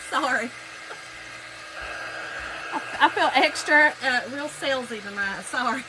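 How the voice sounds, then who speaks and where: A woman's voice: sits high, noisy background. A middle-aged woman, hosting a casual craft livestream in a folksy, chatty way and greeting viewers by name.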